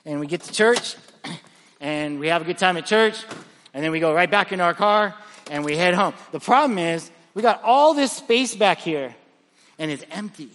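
This pastor delivers a sermon at a moderate pace in a high, bright, forceful voice, lively and packed with stories, often tripping over repeated words as he starts again. The recording comes from a large church auditorium, where his voice rings with a long hall reverb.

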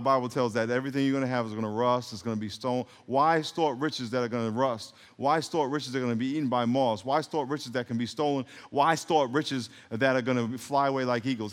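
A man preaching a sermon, leading the congregation in call-and-response and adding humorous asides. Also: mid-range voice. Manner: call-and-response, having the congregation repeat words. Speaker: pastor. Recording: long hall reverb.

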